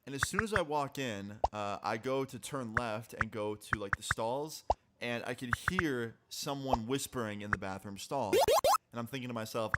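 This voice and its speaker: Young man telling a story over loud noise. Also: medium pitch, normal speed. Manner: casual, animated, swears freely. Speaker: streamer. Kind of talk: storytime on a live stream.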